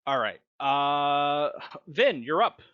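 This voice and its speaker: A man's voice: fairly high pitch, animated, slow, clear, resonant tone, no room sound, muffled recording. A man narrating a tabletop game as game master, describing combat vividly.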